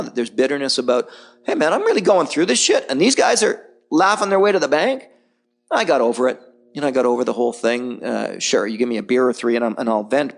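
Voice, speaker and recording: Brief: middle-aged male guest, gravelly, mid pitch, blunt, animated storyteller. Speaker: podcast guest, survival filmmaker. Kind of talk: candid conversational interview.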